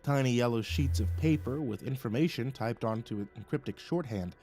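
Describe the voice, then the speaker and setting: A man reading a first-person story aloud in an expressive, dramatic way. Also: mid-range voice, fairly quick. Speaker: narrator.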